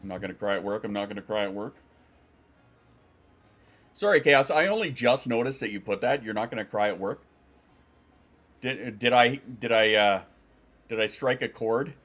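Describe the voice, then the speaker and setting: A man's voice: fairly low pitch, moderate pace, long pauses, fairly bright tone. A man streaming from home, chatting casually and rambling, swearing and reading out chat messages.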